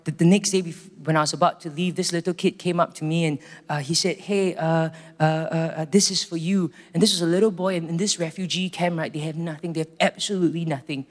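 A man with a Singaporean accent preaching a storytelling sermon, earnest and slowing down for emphasis. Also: on the high side, steady tone. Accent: Singaporean English. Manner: earnest, slows down for emphasis, many restarts. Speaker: pastor. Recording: reverberant hall, faint music.

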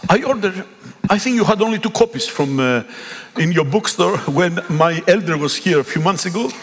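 A middle-aged man from Greece with a Greek accent, preaching a sermon and telling a story with emphatic, animated delivery. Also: high voice, moderate pace, breathy edge. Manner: animated, emphatic, acts out dialogue. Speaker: pastor. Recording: echoey hall.

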